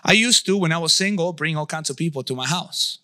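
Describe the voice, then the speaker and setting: A man's voice: fairly high pitch, a little fast, pushed and bright, no echo, clean studio sound. A man in his thirties giving a conversational sermon, often checking in with his listeners. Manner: conversational preaching, asks the audience. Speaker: pastor.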